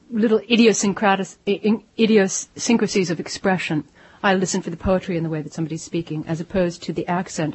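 Author guest, middle-aged woman, slightly low and breathy, lively with self-interruptions. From Lancaster, Pennsylvania. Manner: animated, self-interrupting, laughs easily. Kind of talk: radio interview conversation. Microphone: studio microphone.

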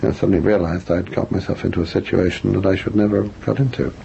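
A man's voice: deep voice, fairly even intonation, fast, creaky, mellow. An older man from England, answering interview questions in a reflective, self-deprecating way with frequent restarts. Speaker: author and guest. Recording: dull lo-fi radio recording with faint noise.

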